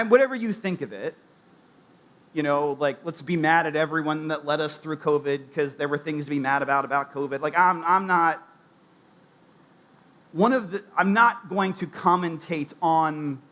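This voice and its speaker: Chatty preacher man, higher voice. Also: a bit bright. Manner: conversational, many fillers and restarts. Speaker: pastor. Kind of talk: sermon. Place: church.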